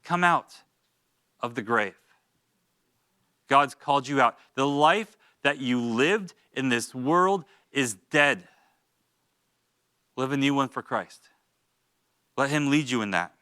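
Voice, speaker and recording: A man's voice: medium pitch, expressive, takes it slowly, long pauses, sharp tone, smooth, dry recording, clean studio sound. A man teaching a Bible study in a church, reading scripture and urging listeners with earnest, informal asides. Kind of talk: expository Bible teaching with exhortation.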